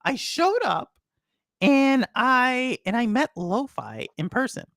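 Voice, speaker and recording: A woman's voice: a little high, sing-song, slow, a bit bright, no echo, studio quality. A woman hosting a casual podcast chat, telling a rambling story full of "like" and restarts. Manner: rambling, filler-heavy storytelling. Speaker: podcast host.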